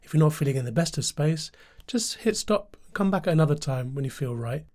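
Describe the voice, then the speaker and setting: Calm husky male podcast host. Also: fairly high pitch, a little fast. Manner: calm, reassuring, steady. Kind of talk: podcast introduction and interview.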